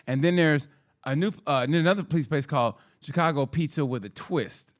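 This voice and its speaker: A man's voice: fairly high pitch, fairly quick. A young man co-hosting a casual comedy podcast, telling stories and acting out the people in them. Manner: animated storyteller, acts out quoted voices. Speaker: co-host.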